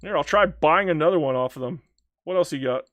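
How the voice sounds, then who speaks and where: A man's voice: fairly high pitch, brisk, fairly bright tone, no room sound. Chatty man streaming a strategy game. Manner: chatty, talks back to the game and chat, swears and laughs often. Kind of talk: casual live-stream gameplay commentary.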